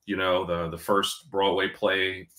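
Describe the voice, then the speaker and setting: Speaking unhurriedly in a low, level, sharp-toned voice, this interview guest is a New Yorker in his forties. He talks candidly and casually, profane and quick to laugh, with many fillers. His accent reads as mostly neutral American with a slight Black New York flavor, and the recording is reverberant.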